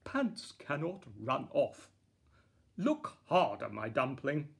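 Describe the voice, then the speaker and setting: A man voicing a bossy, brisk queen mother in a storybook, scolding loudly. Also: a little high, wildly swooping pitch, gravelly, husky, full character voice.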